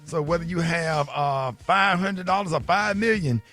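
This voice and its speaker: A man's voice: fairly high pitch, normal speed, a bit bright, faint music behind. A man hosting a radio morning show, casual and teasing, talking with easy fillers. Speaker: host.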